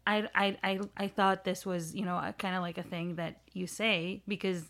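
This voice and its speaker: A woman's voice: fairly low pitch, steady tone, normal speed, a bit bright. Thoughtful woman guest talking TV. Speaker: guest TV critic and comedian. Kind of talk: casual TV discussion.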